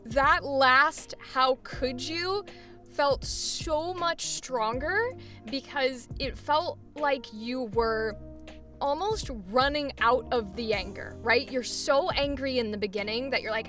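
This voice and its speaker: A woman's voice: high-pitched, slow, pushed and bright, faint music behind. A woman voice acting coach giving chatty, encouraging feedback in a coaching session. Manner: encouraging, chatty, uses many fillers.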